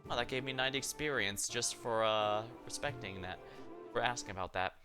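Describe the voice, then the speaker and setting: A man's voice: mid-range voice, brisk, music in the background. A man streaming a game, reading its text aloud with frequent slips and self-corrections.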